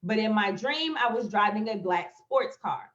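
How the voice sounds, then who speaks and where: A woman's voice: medium pitch, animated, normal speed. A woman speaks to her viewers on a live stream, telling a personal story with open emotion and calling them "y'all" as she goes. Her voice sits in the middle of the female range. The sound is roomy, with a lot of echo, and slightly muffled, as from a phone or webcam stream. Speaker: motivational speaker. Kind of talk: livestream talk on manifestation. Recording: echoey, slightly dull live-stream audio.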